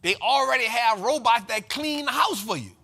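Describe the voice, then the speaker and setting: High, forceful man hosting. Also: lively intonation, moderate pace, gravelly. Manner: emphatic, slangy, repeats lines for effect. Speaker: host of a finance show. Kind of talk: energetic market commentary.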